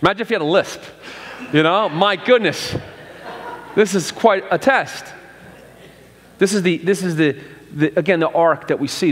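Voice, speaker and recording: A man's voice: fairly high pitch, big-room sound. A male pastor giving a conversational sermon, often restarting phrases and acting out quotes. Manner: conversational preaching with repeated restarts and acted-out quotes. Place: church sanctuary.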